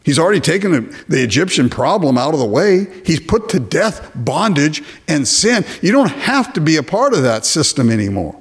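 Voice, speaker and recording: A man preaches with animated energy, his pitch swinging widely as he drives his points home. His voice sits a little higher than most men's. He mocks imagined complainers in put-on voices before answering them. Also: normal speed, hardly any pauses, slightly rough. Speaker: pastor. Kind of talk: sermon.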